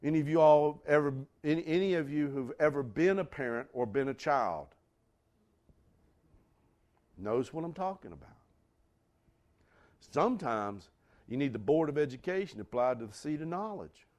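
A man delivers a folksy sermon. His pitch swings widely, and he breaks into sudden loud bursts between homey asides. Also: animated, normal speed. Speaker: pastor.

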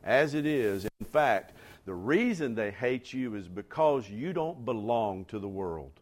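Male pastor mid-sermon, mid-pitched voice, speaks directly to the congregation, rises to forceful emphasis. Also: animated, a little slow. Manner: rising to emphatic near-shouts on key lines; addresses the congregation directly, conversational asides.

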